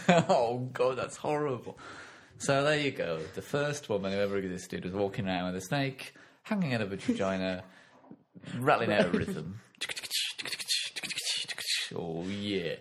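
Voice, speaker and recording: A man's voice: on the low side, lively intonation. A man trading crude, sardonic jokes in a casual comedic chat. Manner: sardonic, crude, quick to joke and laugh.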